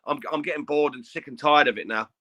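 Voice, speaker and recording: Man, boxing podcast co-host, very bright tone, fast, stammers when fed up. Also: on the high side. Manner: fed-up, stammering restarts, swearing. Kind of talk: casual boxing chat.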